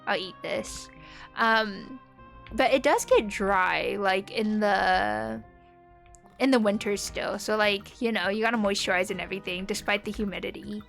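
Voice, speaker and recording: A woman's voice: mid-range voice, steady tone, unhurried, vocal fry, a bit bright, soft background music. A young woman from the United States with a neutral American accent, chatting casually with viewers while she plays a game, rambling with lots of fillers. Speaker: streamer.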